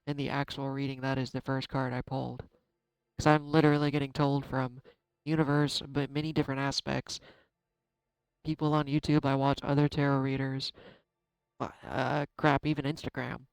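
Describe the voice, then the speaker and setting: A man giving a casual tarot card reading, chatty and self-deprecating, thinking out loud. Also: medium pitch, flat delivery, normal speed, creaky, clean tone, no room sound, low-quality recording. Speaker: tarot reader.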